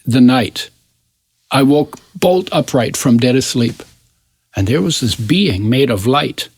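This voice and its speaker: A man in his eighties, an interview guest, telling a personal story in an animated way and often restarting his phrases. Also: mid-range voice, slow pace, slightly rough, no room sound. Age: 80s.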